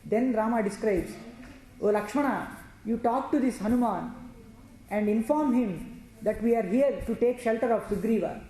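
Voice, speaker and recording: A woman's voice: on the high side, moderate pace, warm tone. Woman telling scripture stories in an echoey room. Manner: recites Sanskrit verses then explains them, with frequent restarts. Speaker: storyteller. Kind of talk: devotional scripture storytelling. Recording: very echoey room with faint noise.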